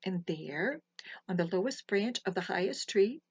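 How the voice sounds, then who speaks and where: A woman telling folktales to children in a soft, gentle way, with hushed asides. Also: medium pitch, animated, normal speed, husky, no room sound. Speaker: storyteller. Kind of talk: storytelling for children. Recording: slightly muffled, dry recording.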